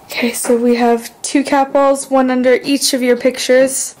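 A woman vlogger setting up ghost-hunting devices in an old house at night, talking in quick, chatty reactions. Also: high voice, level tone, a little mellow, a little hiss or hum, rough recording. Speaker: paranormal vlogger. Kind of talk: casual ghost-hunting chat.

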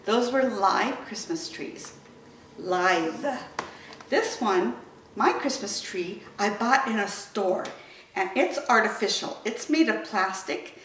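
A woman leading a story time, reading picture books aloud to children in an animated, sing-song way. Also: mid-range voice, unhurried, a little hiss or hum. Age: adult. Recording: roomy echo, voice from a distance.

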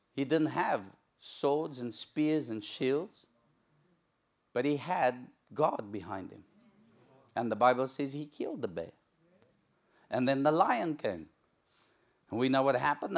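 A male pastor preaching a sermon in church, telling a story with lively, acted-out moments. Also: medium pitch. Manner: animated storytelling, acts out shouting crowds.

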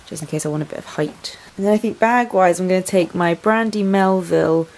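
A woman's voice: lowish voice, brisk, darkish tone, low-quality recording. Chatty English woman in her twenties. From England. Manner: chatty, rambling, lots of ums and likes. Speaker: vlogger. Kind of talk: casual vlog chat. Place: bedroom at home.

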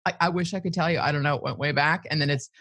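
Animated woman guest, lowish slightly husky voice, casual and quick-witted. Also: no echo. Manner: animated, laughs often, quick asides. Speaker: podcast guest. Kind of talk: casual interview chat.

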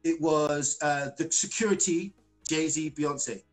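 A British man with a slightly high voice, a singer, appears as a guest on a casual live-stream interview and tells stories slowly but animatedly, full of fillers, restarts and acted-out quotes. Soft music plays in the background, and the audio quality is poor.

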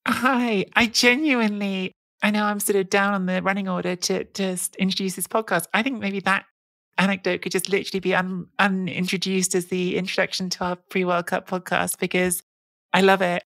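A woman's voice: medium pitch, level tone, a little fast, a bit bright, no echo. A woman co-hosting a podcast who talks in a casual, rambling way with lots of restarts. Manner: rambling, with frequent restarts and fillers. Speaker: podcast co-host.

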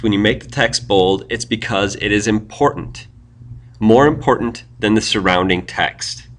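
A man's voice: fairly low pitch, fairly bright tone. A man giving a screencast tutorial on web pages, explaining step by step and thinking aloud as he types.

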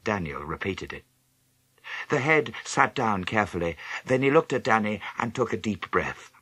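Man narrating a storybook, low voice, bright and a bit husky, very expressive. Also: moderate pace, dry recording. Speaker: audiobook reader. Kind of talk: scripted narration.

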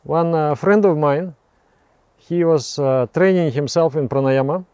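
A man teaching meditation, explaining breathing practice in a halting way, often repeating words and restarting phrases, with soft laughs between remarks. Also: on the high side, clear, resonant tone, no room sound.

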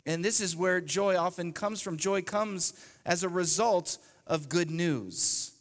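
A man in his thirties preaching a sermon in an animated, emphatic way with playful asides. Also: sits high, slow pace. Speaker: pastor. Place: church sanctuary. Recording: long reverb of a large church hall.

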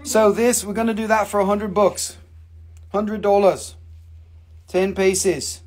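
A man's voice: sits high, fairly even intonation, takes it slowly, darkish tone. A man hosting a casual live sale, rambling and joking, swearing freely as he shows his pieces. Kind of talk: casual live sales stream.

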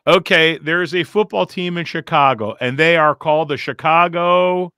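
A man's voice: on the high side, moderate pace, pushed and bright, clean tone, dry recording, studio quality. A man hosting a comedy podcast, chatting in a rambling, jokey way with lots of fillers and restarts. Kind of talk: casual comedic chat. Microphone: remote call line.

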